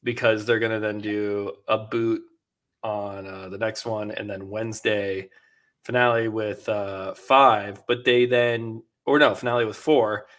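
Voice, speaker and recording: A man's voice: on the low side, unhurried. A man co-hosting a podcast, chatting casually about a reality show and acting out what the players said. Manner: animated, acts out quotes from the show. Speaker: podcast co-host. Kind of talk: casual recap chat.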